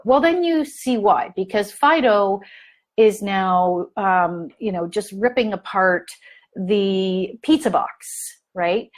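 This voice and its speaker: A woman speaks slowly in a mid-range voice as she leads a parent training. She tells an everyday story step by step, stopping to check in with her listeners. Her speech is loose and chatty, full of "um" and "you know.". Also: medium pitch, animated. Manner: storytelling, asks the audience questions, many fillers. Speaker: family consultant giving a training. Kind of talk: live online training talk.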